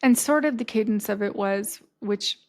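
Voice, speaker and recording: A woman guest on a podcast tells a personal story in an animated, unfiltered way, swearing freely and acting out each quote. Her voice sits at an ordinary pitch with a gravelly, fried edge running through it. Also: moderate pace. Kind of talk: casual storytelling.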